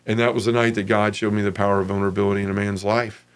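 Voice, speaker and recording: A man's voice: rapid-fire, clear, resonant tone. A man giving an earnest, emotional personal testimony as an interview guest, acting out other people's voices as he tells the story. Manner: animated, acts out others' voices with raised pitch.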